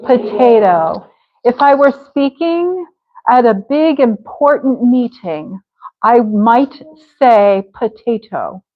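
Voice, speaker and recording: Slow, patient American woman teaching English. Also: on the high side, lo-fi sound. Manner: encouraging, slows to sound out words. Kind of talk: live pronunciation class. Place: online class.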